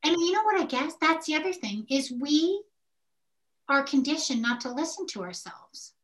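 An older woman co-hosting a candid podcast conversation, telling personal stories in an animated way and acting out what people said. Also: high voice, moderate pace. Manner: animated storyteller who acts out quoted speech. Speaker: podcast co-host.

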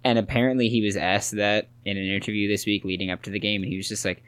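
Young podcast co-host, low voice, dry close mic, lively. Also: male voice, fast, hardly any pauses, no echo. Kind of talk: casual sports chat.

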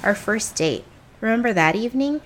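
A woman's voice: a little high, animated, moderate pace, natural voice. A woman voicing the disembodied ghost of a dead ex-lover, speaking in a sing-song, teasing manner that can turn cold and menacing. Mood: sing-songy.

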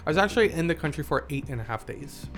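A man co-hosting a casual podcast, telling stories with lively acted-out quotes. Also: a little high, quick pace, faint music behind. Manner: animated storyteller, acts out quotes. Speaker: podcast co-host. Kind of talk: casual chat.

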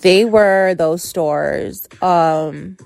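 A woman's voice: on the low side, drawn-out words, vocal fry, darkish tone, faint music behind. A young woman in her twenties telling a frank personal story to her listeners in a chatty, candid way. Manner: chatty, candid, filler-heavy. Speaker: podcast host. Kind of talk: casual storytelling to an audience.

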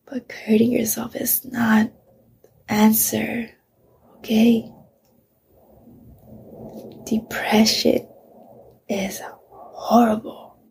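A woman's voice: a little high, monotone, extremely slow, creaky, pauses often, a little mellow, slightly rough. A middle-aged woman, a mother, candidly telling a painful personal story, swearing often and sometimes dropping to a whisper.

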